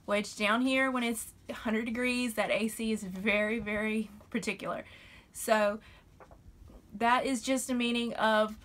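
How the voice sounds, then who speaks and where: A woman's voice: a little high, fairly even intonation, a little slow, fairly bright tone. A young woman from Alabama with a Southern accent, talking in a chatty, folksy way as she explains sayings in a casual vlog. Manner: chatty, folksy, uses y'all and fixing to. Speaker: vlogger.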